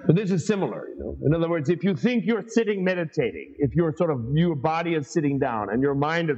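A man with a somewhat high, husky voice gives a teaching talk, telling stories with lots of casual asides. His voice carries a long reverb tail. The sound is dull and lo-fi. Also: fast. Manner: lively storyteller, chatty asides with "you know". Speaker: Buddhist studies professor and podcast host. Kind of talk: teaching talk, reading and explaining a sutra.

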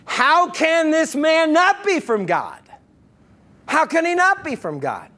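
Sarcastic plain-talking once-blind guy, high voice, gets incredulous and emphatic man voicing him. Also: very animated, takes it slowly, bright, forceful tone, exaggerated voice. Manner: bold, incredulous, rising emphasis.

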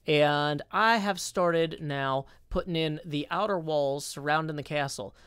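A man's voice: high-pitched, a little hiss or hum. A man chatting casually on a live stream while he builds in a game, rambling and self-deprecating, upbeat when he greets viewers.

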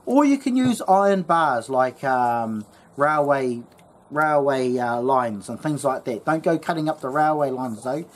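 Speaking at a moderate pace with few pauses, this New Zealand-accented bushcraft host has a medium-pitched, sing-song voice. He wanders through a story and an informal how-to, chatting away with many fillers and restarts.

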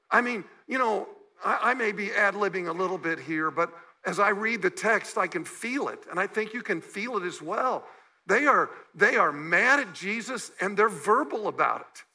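As a guest pastor in a church sanctuary, a man preaches conversationally, acting out the emotional words of the people in his story. His voice sits high, pushed and bright with slight roughness, on a rough recording.

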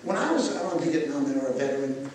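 A man teaching breathwork to a live audience, moving between calm guided instructions and playful, jokey asides. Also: medium pitch, rapid-fire. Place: live festival session. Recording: echoey, distant room recording with noise.

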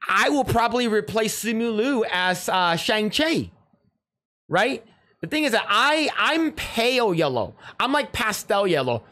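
A man's voice: high-pitched, pushed and bright. A man hosting a livestream, reacting to a clip in rambling, sarcastic casual chat with frequent restarts and swearing.

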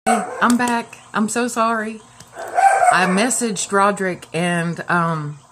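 A woman's voice: mid-range voice, takes it slowly, heavy background noise. A woman hosting a casual live stream, upset and near tears, rambling with many fillers and restarts.

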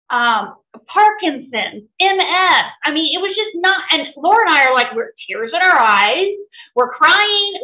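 A middle-aged woman telling a personal story to an audience in an animated way, often laughing. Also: high-pitched, roomy sound, low-quality recording. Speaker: presenter.

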